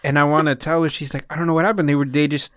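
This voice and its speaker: A man's voice: a little high, racing, no echo, studio quality. A man hosting a casual podcast chat, telling stories and acting out what people said. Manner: animated storyteller, acts out quoted voices. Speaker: podcast host.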